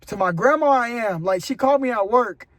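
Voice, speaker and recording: This young vlogger chats loosely and encouragingly to his camera, rambling earnestly with "bro" sprinkled throughout. His voice runs high for a man, expressive, brisk and a bit bright, recorded dry on the camera mic with no echo or room sound.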